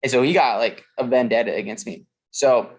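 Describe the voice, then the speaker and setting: A man chatting casually on a podcast, his voice sitting in an ordinary middle pitch. He tells stories in a loose, profane, rambling way, full of fillers and restarts. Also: a little fast. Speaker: podcast co-host. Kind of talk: casual chat.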